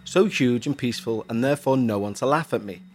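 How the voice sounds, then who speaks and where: A man's voice: mid-range voice, fast, faint music behind. A man from Huyton, co-hosting a podcast and reading listener emails aloud in a chatty, jokey way with self-mocking asides. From Huyton, Merseyside, England.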